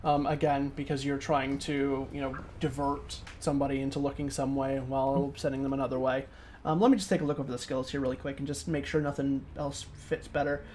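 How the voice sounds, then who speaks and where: A man's voice: mid-range voice, flat delivery, a little fast, a little mellow, slight background noise. A man running a tabletop role-playing game as game master, describing scenes in a rambling way with many fillers. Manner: rambling, many ums and likes.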